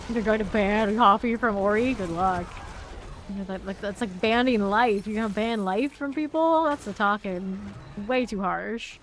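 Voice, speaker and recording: A woman's voice: medium pitch, slight background noise. A young woman streaming a game, chatting casually with viewers, answering chat and laughing easily while she plays.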